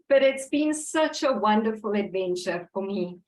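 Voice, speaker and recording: A woman's voice: medium pitch, animated, unhurried, roomy sound, low-quality recording. A woman born in Italy and raised in South Africa, giving an earnest, emotional speech at a book launch and apologizing with laughs. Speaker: book co-author speaker.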